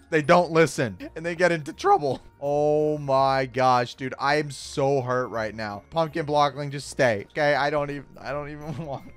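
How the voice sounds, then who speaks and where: A young man hosting a Minecraft let's-play, excitable, gasping and shouting at surprises. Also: fairly high pitch. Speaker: gaming YouTuber host. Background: faint background music.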